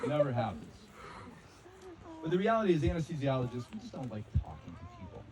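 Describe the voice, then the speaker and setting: Lively dry-witted stand-up dad. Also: male voice, mid-range voice, quick pace, low-quality recording. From North Carolina. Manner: dry self-deprecating punchlines. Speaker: amateur stand-up comic, a physician. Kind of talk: stand-up comedy routine. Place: wedding party venue. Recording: crowd laughter and applause.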